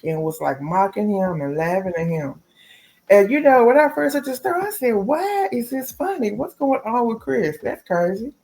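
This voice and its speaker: A woman's voice: mid-range voice, a little mellow. A woman hosting a casual gossip podcast, talking straight to listeners and calling them y'all and baby. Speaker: podcast host. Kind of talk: casual celebrity gossip commentary.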